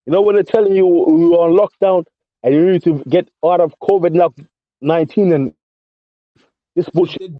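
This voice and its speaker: Dull lo-fi voice chat audio, with no room sound, captures a high-pitched London caller speaking at a moderate pace with long pauses. Combative and repetitive, he keeps peppering his rant with mate and bro.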